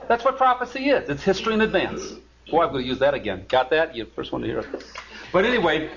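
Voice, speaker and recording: A man's voice: on the high side, sing-song, quick pace, gravelly, fairly bright tone, a little hiss or hum. A man teaching a Bible study, reading scripture aloud and breaking in with emphatic asides. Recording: lo-fi recording.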